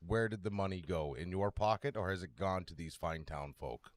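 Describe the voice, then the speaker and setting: A man's voice: low voice, normal speed. A man playing a tabletop game, speaking in character with crude, menacing threats. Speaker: player.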